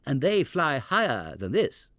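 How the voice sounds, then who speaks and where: A man voicing a prim, excitable lady bear. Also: mid-range voice, unhurried, dry recording, studio quality. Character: excitable, genteel female bear.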